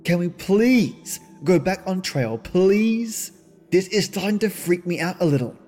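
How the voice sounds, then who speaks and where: A man's voice: sits high, fast talker, a little mellow, soft background music, pitched above the performer's own voice. A man voicing a nervous, uneasy young woman who pleads in a tense, raised way.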